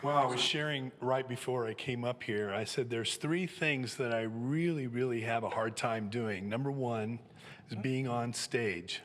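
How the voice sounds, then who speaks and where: A man's voice: medium pitch, a little slow, a bit bright, slight background noise. Man, 70s, from Southern California, humble, emotional, handheld mic, long hall reverb. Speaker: elder candidate. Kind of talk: personal testimony on stage. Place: church stage. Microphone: handheld microphone.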